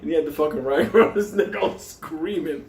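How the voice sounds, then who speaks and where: A man's voice: on the high side, fairly quick, gravelly, darkish tone. A man from New York telling a story casually, swearing constantly and laughing through his words. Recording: roomy echo, faint hum.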